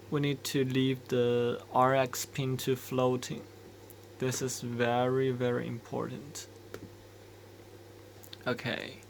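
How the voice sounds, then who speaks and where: Slow, flat-voiced man, gravelly. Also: medium pitch, a little hiss or hum. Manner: slow, hesitant, thinking aloud with restarts. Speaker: embedded developer explaining code. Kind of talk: screen-recorded coding walkthrough.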